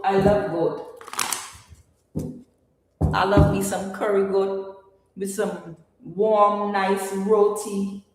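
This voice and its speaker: A woman giving a casual tarot reading, blunt and rambling, with many fillers and restarts. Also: mid-range voice. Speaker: tarot reader. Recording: very echoey room with long reverb.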